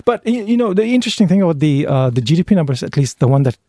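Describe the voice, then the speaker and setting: A man's voice: fairly high pitch, big pitch swings, rapid-fire, warm tone, dry recording, studio quality. A man co-hosting a finance podcast in casual chat, hesitant and full of fillers, laughing easily.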